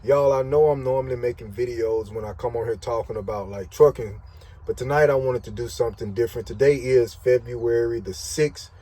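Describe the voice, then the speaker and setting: A man talks into his phone from the cab of his parked truck at night, sharing an earnest faith testimony. His voice is mellow and husky. He repeats phrases and stretches the words he wants to stress. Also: medium pitch, brisk, rough recording. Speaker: truck driver and vlogger. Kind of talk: emotional faith testimony vlog.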